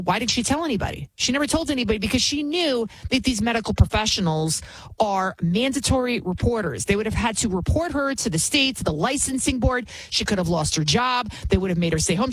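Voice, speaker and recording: A woman's voice: mid-range voice, breathy edge, dry recording, low-quality recording. A woman hosting a talk show, giving indignant, emphatic commentary and often repeating phrases for effect. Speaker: show host. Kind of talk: opinionated commentary.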